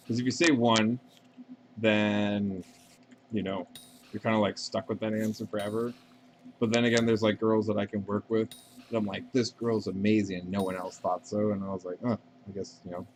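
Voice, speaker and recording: A man's voice: on the low side, darkish tone, slight background noise. A man chatting casually and rambling while playing a game on a live stream, swearing freely and answering viewer questions.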